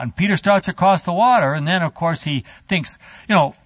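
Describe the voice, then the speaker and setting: A man teaching a Bible study, retelling a story in an animated, halting, chatty way with a handout. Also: fairly high pitch, no room sound. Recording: dull lo-fi dry.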